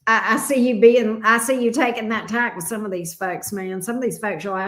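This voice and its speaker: A woman's voice: fairly high pitch, steady tone, a little fast, fairly bright tone, reverberant. A woman giving tarot readings on a livestream, casual and affectionate, calling her viewers babe and sweetie and swearing lightly. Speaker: tarot reader.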